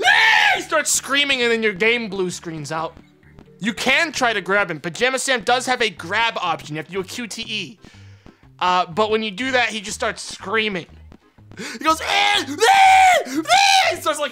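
A man's voice: high voice, sharp tone. A young man streaming a kids' game, sarcastic and profane, mocking the characters. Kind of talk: casual let's-play commentary. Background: game music.

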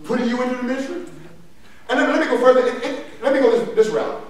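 A man's voice: very high-pitched, fairly even intonation, fast. A man pastor teaching a Bible lesson in a church, emphatic and repetitive, laughing between his points. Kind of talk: call-and-response church teaching. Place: church sanctuary. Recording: echoey room from far off, some noise.

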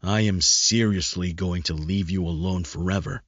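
A man's voice: deep voice, fairly even intonation, moderate pace, no echo. A man doing a growling, blunt male wolf spirit. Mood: gruff. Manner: growling, insulting. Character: gruff male inner wolf, scolding and blunt. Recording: dull lo-fi recording.

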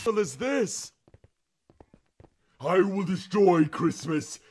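Menacing game villain pumpkin king, voiced by a man; high, slow, theatrical taunting. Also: expressive, background noise.

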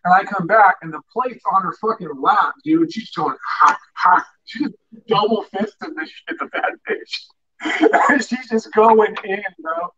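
A man's voice: sits high, expressive, measured pace, pushed and bright. A young man co-hosting a livestream, telling a crude story with lots of swearing. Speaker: livestream co-host. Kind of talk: casual storytelling. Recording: distant, muffled lo-fi sound.

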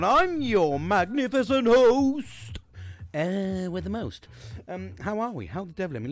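A British man hosting his own show in a rambling, chatty monologue, swearing freely and filling pauses with ums and restarts. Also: on the high side, no echo. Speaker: podcast host. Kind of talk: casual chat monologue.

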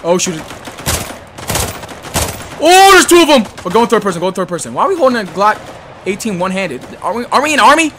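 Excitable high-voiced gamer guy. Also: brisk, pauses often, a little hiss or hum. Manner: excitable, yelling and slangy, swinging from mutters to shouts. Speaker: gaming YouTuber. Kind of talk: casual gameplay commentary. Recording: gunfire from the game behind.

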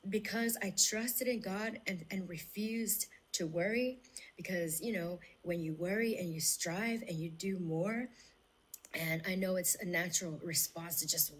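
A woman's voice: fairly low pitch, measured pace, slight background noise, low-quality recording. Earnest woman giving faith testimony. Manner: earnest, rambling, with many fillers. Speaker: religious testimony speaker.

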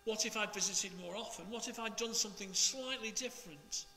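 A man, a priest, reading the Gospel and preaching in a slow, measured, expressive way. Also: high voice, big-room sound, slight background noise.

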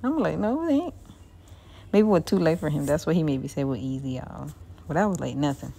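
A woman's voice: low-pitched, quick pace, creaky, mellow, breathy edge. A young woman narrating her vlog in a chatty, laid-back way. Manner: chatty, laid-back, keeps saying "y'all". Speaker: vlogger. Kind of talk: casual voice-over narration.

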